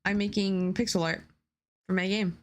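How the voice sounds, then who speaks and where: A woman's voice: mid-range voice, steady tone, moderate pace. A woman streamer chatting casually while making pixel art, playful and laughing at herself. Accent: none, not British. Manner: playful, laughs at her own attempts at slang.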